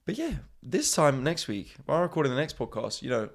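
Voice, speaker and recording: A man's voice: medium pitch, sing-song, fast talker. A man, a comedian and podcast host, rambling sarcastically through a comic monologue, often trailing off.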